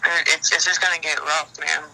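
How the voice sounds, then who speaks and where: A woman's voice: sits low, flat delivery, moderate pace, gravelly, pushed and bright, slight background noise. A woman on a phone call, talking frankly and rambling with worry, swearing often. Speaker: caller in a leaked phone call. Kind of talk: casual phone chat.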